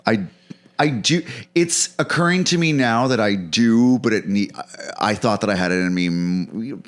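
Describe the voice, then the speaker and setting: A man from Canada, a comedian guest chatting casually, rambling and animated, often restarting his sentences. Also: fairly low pitch, unhurried. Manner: rambling, animated, self-interrupting.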